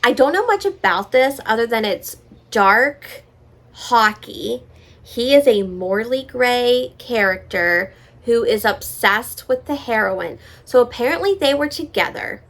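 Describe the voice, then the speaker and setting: A chatty woman with a fairly high voice talks through her reading list on her vlog. She rambles casually, leans on "like" and "you know", and now and then drops to a soft near-whisper for an aside. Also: lively intonation, unhurried. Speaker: book vlogger. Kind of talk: casual book chat.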